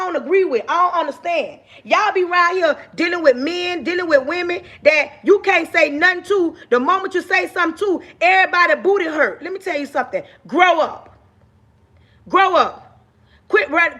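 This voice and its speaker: A woman's voice: extremely high pitch, sharp tone. A woman streaming live, delivering a passionate, preachy rant, calling her listeners baby and raising her voice. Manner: raises her voice, talks with her hands.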